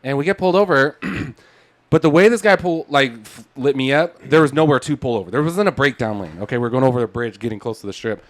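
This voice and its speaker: A man talking fast in casual podcast chat, his voice sitting at an ordinary pitch. He tells stories with energy, acts out what other people said and swears freely. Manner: animated storyteller who acts out quotes, swears freely.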